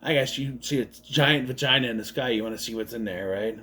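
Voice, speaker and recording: A man's voice: mid-range voice, brisk, bright, forceful tone. A man giving a casual, rambling movie review, sarcastic and swearing often.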